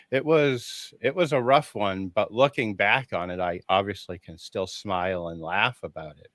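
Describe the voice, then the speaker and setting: A man's voice: on the low side, no echo. A man speaking as an interview guest, telling a personal story with feeling, acting out what people said and laughing often. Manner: animated storyteller who acts out quoted dialogue, laughing often. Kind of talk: casual conversation.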